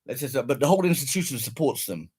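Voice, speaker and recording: Husky, furious swearing man. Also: mid-range voice, very animated, quick pace, darkish tone. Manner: swearing, bitter, repetitive. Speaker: man recounting a police raid. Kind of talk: angry personal rant.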